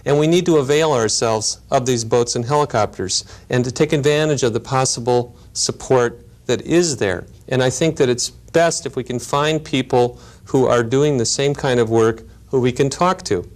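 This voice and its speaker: A man lecturing in a measured, explanatory way, with storytelling asides. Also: medium pitch. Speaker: lecturer on grief and helping work. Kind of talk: recorded teaching lecture.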